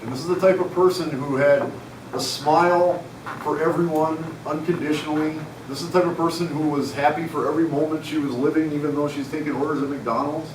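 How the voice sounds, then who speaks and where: A man's voice: fairly high pitch, fairly even intonation, fairly quick, background noise. A man in his forties speaking at a conference, telling a personal story to an audience in a frank, conversational, self-deprecating way. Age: 40s. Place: conference hall. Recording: echoey hall, mic at a distance.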